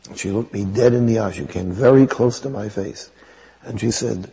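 New priest, low warm voice, wry storytelling, long reverb like a big church. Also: male voice, moderate pace, vocal fry. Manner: anecdotal, wry, conversational. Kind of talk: storytelling homily.

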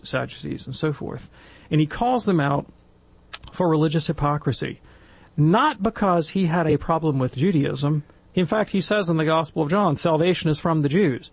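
A man's voice: a little high, creaky, breathy edge, no echo. A middle-aged man on a Catholic discussion panel, telling a story in a casual way and acting out the voices he quotes. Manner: animated, acts out quoted voices.

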